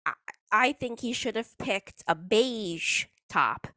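A woman's voice: mid-range voice, expressive, slow pace, bright, forceful tone, no echo, clean studio sound. A woman chatting casually as a hockey fan vlogger, rambling and poking fun at herself. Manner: chatty, rambling, self-mocking. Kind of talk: casual chat.

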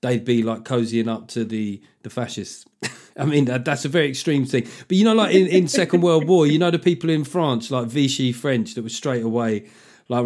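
A man's voice: mid-range voice, lively intonation, a little fast, darkish tone. A man hosts a casual podcast. He rambles, swears freely and pokes fun at himself as he goes. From South London, England. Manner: rambling, sweary, self-deprecating. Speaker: podcast host.

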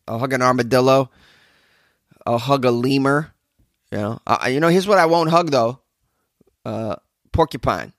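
A hungover man hosting a podcast, reading odd news stories with rambling, sarcastic commentary and low energy. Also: moderate pace, long pauses, no echo, clean studio sound. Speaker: podcast host.

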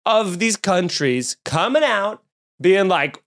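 A man's voice: a little high, lively intonation, moderate pace, fairly bright tone. A man with a Long Island accent hosting a casual comedy podcast, rambling and joking with frequent self-corrections. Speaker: podcast host.

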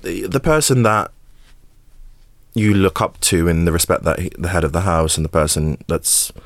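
This low-sitting male voice moves at an ordinary speed with no echo. The speaker, an actor from England on a podcast, tells his own story candidly and emotionally, often repeating himself and laughing through hard memories.

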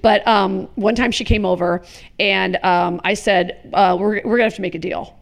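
A woman in her fifties from the American Midwest, a comedian telling animated, profane stories in a casual interview with quick asides. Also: mid-range voice, vocal fry. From Chicago, USA. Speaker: comedian guest.

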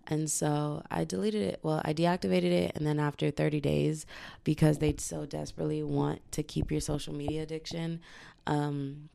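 A woman's voice: sits low, steady tone, moderate pace, vocal fry, dark tone, clear, resonant tone. A young adult woman talking casually in a vlog, chatty and full of filler words. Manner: chatty, filler-heavy with frequent "like". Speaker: vlogger. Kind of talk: casual confessional vlog monologue.

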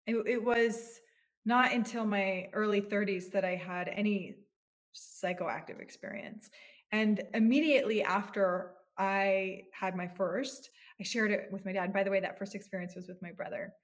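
A woman's voice: mid-range voice, fairly even intonation, normal speed. Earnest, reflective woman therapist. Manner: earnest, reflective, with many restarts. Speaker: psychotherapist guest. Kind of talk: podcast interview.

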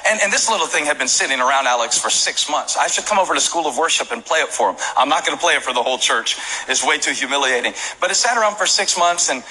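A man preaching a sermon as pastor, mixing joking stories with rising shouted appeals to the congregation. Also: fairly high pitch, animated, quick pace, few pauses, poor audio. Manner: storytelling that builds to shouted preaching; jokey asides with laughs. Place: church service.

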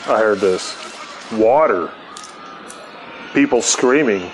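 A man's voice: lowish voice, animated, slow, a little hiss or hum, rough recording. A middle-aged man telling a rambling, profane anecdote and laughing often. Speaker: storyteller. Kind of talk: casual anecdote.

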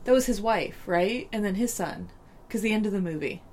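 A woman talking through a film plot in a relaxed conversation. She is blunt and wry, drops curses freely, and speaks at an ordinary pitch. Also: normal speed, slight background noise. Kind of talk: casual movie recap chat.

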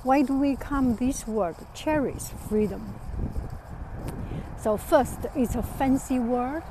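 A woman from China with a Chinese accent, chatting casually on a walk outdoors, hesitant with many pauses and fillers. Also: high voice, background noise. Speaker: vlogger. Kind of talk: casual walking chat.

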